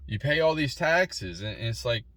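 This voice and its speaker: A man's voice: mid-range voice, lively intonation, moderate pace, noisy background. A man in his forties giving a rambling, opinionated solo monologue with frequent restarts and repeated words. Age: 40s. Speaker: vlogger.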